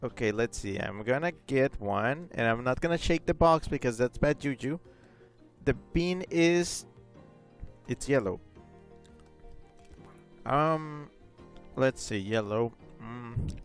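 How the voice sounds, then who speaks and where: A man's voice: mid-range voice, lively intonation, slow pace, long pauses, soft background music. A man chatting casually on a live gaming stream, rambling with lots of fillers and reading chat messages aloud.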